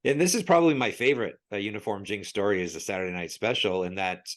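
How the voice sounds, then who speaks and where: Lower-voiced man, podcast guest, animated storyteller who laughs a lot. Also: fast talker. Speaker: podcast guest, sports logo expert. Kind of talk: casual podcast chat.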